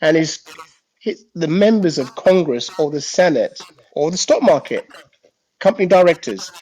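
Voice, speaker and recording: A man pressing his argument emphatically, coming back to the same point again and again. His voice sits a little high and moves in a lively, wide way. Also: moderate pace, poor audio. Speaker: podcast co-host. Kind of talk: heated debate.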